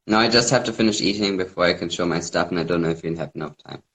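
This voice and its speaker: A man's voice: low voice, rapid-fire, fairly bright tone, poor audio. A young man joining a livestream as a guest, playful and teasing, talking while he eats. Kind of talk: casual teasing chat.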